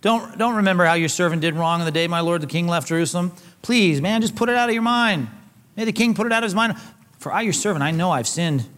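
A man's voice: fairly high pitch, quick pace, hardly any pauses, a bit bright, close to an everyday voice. A man voicing a spiteful man who hurls insults and later grovels and stammers for mercy. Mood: groveling. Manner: jeering, then pleading and stammering. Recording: long hall reverb.

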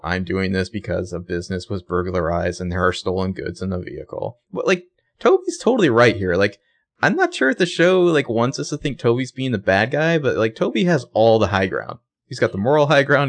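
A man's voice: fairly low pitch, big pitch swings, brisk. A young man co-hosting a casual chat, retelling a TV episode by acting out the characters' lines. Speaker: podcast co-host recapping a TV show.

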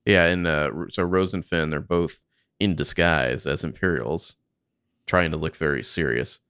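A man's voice: very deep voice, normal speed, fairly bright tone, clean tone, dry recording, clean studio sound. A man co-hosting a podcast, chatting casually about film footage, swearing freely and thinking aloud with fillers. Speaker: podcast co-host.

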